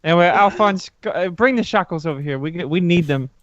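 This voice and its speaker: Brash, excitable tabletop player. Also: mid-range voice, a little fast, muffled recording, crowd noise. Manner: brash, excitable, trips over words. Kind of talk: in-character tabletop role-play.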